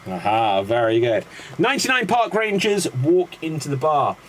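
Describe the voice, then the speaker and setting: A man's voice: fairly high pitch, very animated, crowd noise. A man hosting an improv comedy show, joking, laughing and calling on players. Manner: jokey, quick, laughing between prompts. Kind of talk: casual comedy banter.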